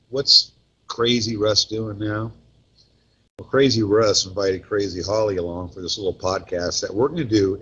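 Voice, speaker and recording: A joking man hosts a casual podcast from a restaurant table, talking between bites. His voice is husky and on the low side. The recording sounds dull and lo-fi. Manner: joking, self-mocking, chatty while eating. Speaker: podcast host. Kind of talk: casual chat.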